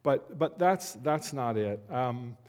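A man giving a conversational Christmas sermon as a pastor, slowing down to stress key words. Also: medium pitch, expressive, darkish tone. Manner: conversational, slows down for emphasis. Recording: long hall reverb.

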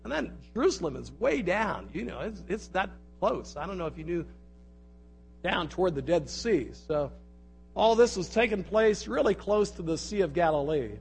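A man with a fairly high voice preaches a sermon in church. He reads scripture aloud with strong emphasis, then drops into soft, close asides and quiet prayer. His delivery rises and falls between the two. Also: sing-song, normal speed, vocal fry, faint music behind. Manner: swings between loud emphatic reading and quiet intimate asides. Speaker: pastor.

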